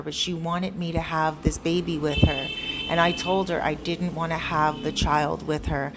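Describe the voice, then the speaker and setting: A woman's voice: sits low, a little hiss or hum. A woman quoting a young male security guard who pleads earnestly, in her own storytelling voice. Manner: quoted in the narrator's own voice.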